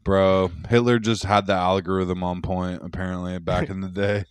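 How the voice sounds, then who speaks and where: Brief: male comedy podcast co-host, low-voiced, easygoing drawl, laughs a lot. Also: flat delivery, moderate pace, clean tone, dry recording. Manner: laid-back, laughs often, drawls slang. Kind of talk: crude comedic podcast banter.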